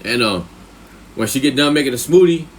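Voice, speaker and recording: A man telling a story casually on a live stream, full of slang and swearing, who often checks in with the listener and jumps much higher when he quotes himself. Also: animated, a little fast, a little hiss or hum. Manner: profane, slang-heavy, rambling with filler questions.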